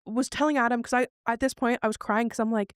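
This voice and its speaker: Animated woman telling a story, fairly high voice. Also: fast talker, clear, resonant tone, no room sound, clean studio sound. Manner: animated, acts out what others said. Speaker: podcast co-host. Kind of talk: casual chat, personal storytelling.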